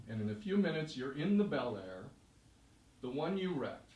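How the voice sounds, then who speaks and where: A man performing a live story in second person, narrating in a vivid, measured way to an audience. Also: on the high side, big pitch swings, a little mellow. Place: stage in a hall. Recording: echoey room, voice from far off.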